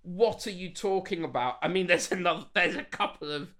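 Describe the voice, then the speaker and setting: A man co-hosting a podcast, chatting casually about a TV episode, excitable and incredulous, laughing often. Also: high voice, fairly quick. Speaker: podcast co-host. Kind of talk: casual chat reviewing a TV episode.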